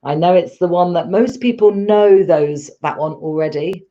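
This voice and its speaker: A woman's voice: on the low side, moderate pace, dull audio. A woman teaching a live online English lesson, patient and encouraging as she explains step by step.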